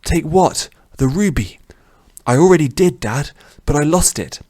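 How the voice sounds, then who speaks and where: A man's voice: on the high side, expressive, unhurried, mellow, no echo, pitched above the performer's own voice. A man voicing an anguished young male hero in a fantasy audiobook, his voice strained and pleading.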